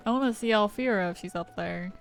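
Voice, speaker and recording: A woman's voice: medium pitch, fast talker, gravelly, faint music behind. A woman streaming a game, chatting casually, giggling and swearing as she reacts. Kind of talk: casual let's-play commentary.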